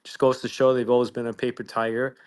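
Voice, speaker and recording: A man on a live audio panel giving confident, analytical commentary, steady with occasional dry laughs. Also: mid-range voice, quick pace, clear, resonant tone.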